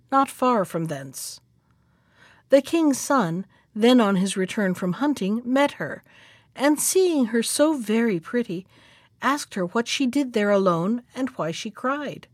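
A woman's voice: on the high side, no room sound. Woman reading a fairy tale, dry and close. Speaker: storyteller and podcast host.

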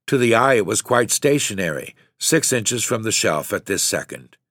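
Man, audiobook narration, very low voice, measured steady reading, dry close recording. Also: no echo.

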